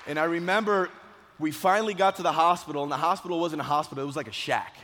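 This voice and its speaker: A man, once a police officer, telling a personal story as a motivational speech, dramatic and swinging between hushed and loud. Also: on the high side, fast talker, slight background noise. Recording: long hall reverb.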